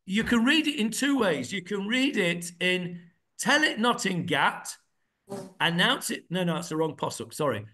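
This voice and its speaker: A man teaching a Bible class, reading verses aloud, explaining them and quizzing his students, often pausing with fillers as he searches for words. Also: sits high, very animated, sharp tone. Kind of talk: interactive text study.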